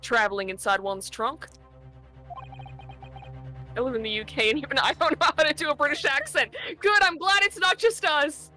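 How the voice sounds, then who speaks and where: An Australian woman chatting casually on a game stream, excitable and self-mocking. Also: high voice, fast, hardly any pauses, faint music behind. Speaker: guest co-player.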